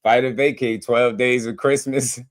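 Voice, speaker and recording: A man's voice: medium pitch, a little slow. A man hosting a boxing live stream. He chats casually in slang and laughs constantly as he reacts to clips.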